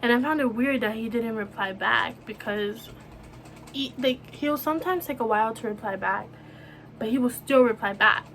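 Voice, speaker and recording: Young woman, kinda high voice, emotional vlog story, keeps restarting, bit of hiss behind. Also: a bit bright. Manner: emotional, halting, many restarts and "like". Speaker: vlogger. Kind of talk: personal storytelling to camera.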